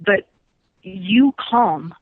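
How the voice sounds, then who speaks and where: A woman gives a psychic reading by phone to a radio show, her medium-pitched voice lively and her words drawn out. The tinny line carries no echo, and she laughs a lot while stressing and repeating her points.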